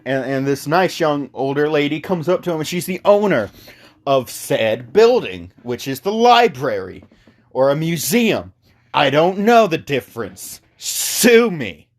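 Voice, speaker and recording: A young man recapping a movie in a rambling, profane, stumbling comic style. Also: a little high. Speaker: video host recapping a movie.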